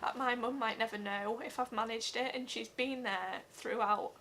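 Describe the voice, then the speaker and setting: Bright-voiced young woman vlogging. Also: a little high, steady tone, slight background noise. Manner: earnest, halting, many fillers. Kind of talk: personal vlog update.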